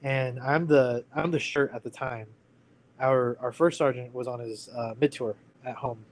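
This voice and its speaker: A man's voice: mid-range voice, steady tone, measured pace, slight background noise, rough recording. A man in his thirties, a podcast guest candidly telling a personal story in casual speech, full of "like" and "you know".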